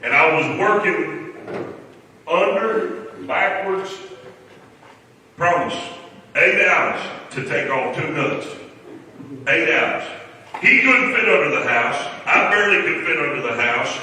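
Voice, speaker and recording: A man's voice: fairly high pitch, expressive, slow pace, long pauses, pushed and bright, a little hiss or hum. A man giving a funeral eulogy in a folksy, humorous storytelling way. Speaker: eulogy speaker. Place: large church hall. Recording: echoey hall from far off.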